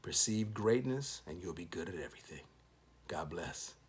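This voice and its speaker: A man's voice: sits low, lively intonation, moderate pace, a little hiss or hum. A man hosting his own show, giving an upbeat, encouraging motivational monologue with preacherly sign-offs. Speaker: show host.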